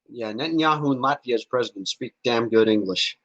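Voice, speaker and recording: A man's voice: medium pitch, a little fast, few pauses, fairly bright tone, no echo. A man hosting a casual podcast, talking bluntly with swearing and stammered restarts. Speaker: podcast host. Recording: dull lo-fi audio.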